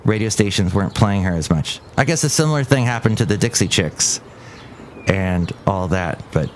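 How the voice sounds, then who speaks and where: A man's voice: on the low side, lively intonation, normal speed, a little hiss or hum. Chatty, rambling male podcast host. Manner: rambling, chatty, full of fillers. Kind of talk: casual chat.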